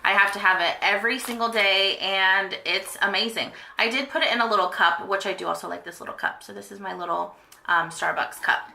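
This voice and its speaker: A woman's voice: mid-range voice, fairly quick, gravelly, sharp tone, reverberant, a little hiss or hum. A young woman in a casual beauty vlog, chatting about her favorite products with lots of fillers and gushing. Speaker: beauty vlogger. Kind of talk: casual monthly favorites chat.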